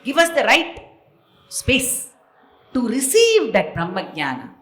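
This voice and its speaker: A woman's voice: a little high, huge pitch swings, slow, fairly bright tone. A woman telling a devotional story, repeating phrases emphatically in a sing-song way. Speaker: spiritual storyteller. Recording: echoey hall, mic far off.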